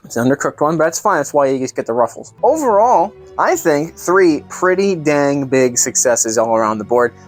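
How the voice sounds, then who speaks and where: A man's voice: a little high, very animated, moderate pace, hardly any pauses, faint music behind. A man hosting a comedic cooking vlog, narrating in a playful, mock-grand showman way. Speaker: cooking show host.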